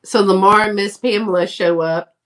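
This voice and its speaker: A woman, telling animated stories in a casual chat and acting out what people said, laughing often. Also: medium pitch, moderate pace, distant mic. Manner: animated, laughing storyteller who acts out quotes. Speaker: guest, fellow reseller.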